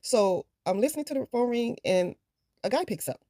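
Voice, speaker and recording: A woman's voice: on the high side, normal speed, no room sound, clean studio sound. A woman vlogger casually telling a storytime, acting out the people in it. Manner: animated, acts out the people in her story.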